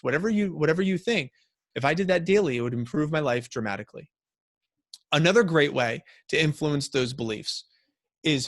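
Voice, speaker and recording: A man giving a motivational talk to a company's staff, energetic and repeating key phrases for emphasis. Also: a little high, no room sound, clean studio sound. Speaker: motivational speaker.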